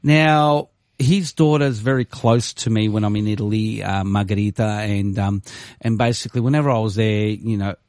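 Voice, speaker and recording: A man's voice: lowish voice, normal speed, no echo, studio quality. A male radio host, telling a story in casual chat and acting out the people in it. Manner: animated, swings into quoted voices, laughs easily. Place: radio studio.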